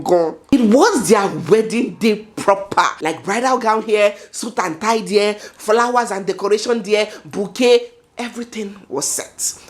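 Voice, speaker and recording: A woman's voice: medium pitch, darkish tone. A Nigerian woman commenting on a viral video in a dramatic, chatty vlog style, talking to herself and laughing now and then.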